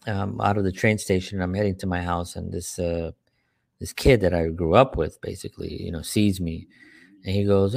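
Low-voiced church guy rambling through earnest stories, dry close sound. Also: moderate pace, vocal fry, no room sound. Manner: earnest, rambling, frequent rhetorical "right?". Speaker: church worker telling stories. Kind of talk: personal storytelling talk.

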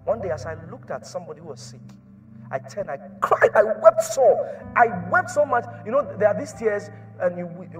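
High-voiced male preacher, hushed to shouting. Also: very animated, moderate pace, soft background music. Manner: repetitive, swings from hushed to shouting. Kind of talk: sermon.

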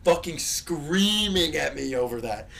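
Young male podcast co-host, slightly high voice, very lively pitch, swears freely, tells rambling stories. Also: unhurried, vocal fry. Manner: profane rambling storytelling, loud bursts. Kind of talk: casual chat.

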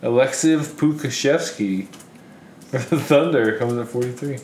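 A man's voice: mid-range voice, unhurried, darkish tone. A young man chatting casually about basketball, reading names off a list and acting out little retellings. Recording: echoey room, faint noise.

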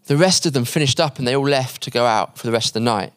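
A male preacher telling a story in a sermon, acting out the quoted voices and dropping quiet and slow at the emotional points. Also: medium pitch, dry recording, clean studio sound. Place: conference hall.

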